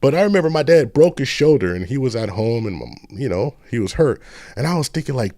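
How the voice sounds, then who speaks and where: A middle-aged man from the Bay Area hosting a casual live stream, telling rambling stories and shouting out viewers. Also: mid-range voice, big pitch swings, brisk, no room sound, clean studio sound. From San Francisco Bay Area.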